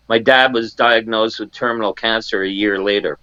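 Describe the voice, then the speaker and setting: A man's voice: mid-range voice, steady tone, normal speed, few pauses, pushed and bright, clear, resonant tone, no room sound, highs cut off. Canadian man in his sixties telling a story. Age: 60s. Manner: storytelling, acting out quoted family dialogue, frequent restarts. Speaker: guest. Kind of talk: telling a personal story in an interview.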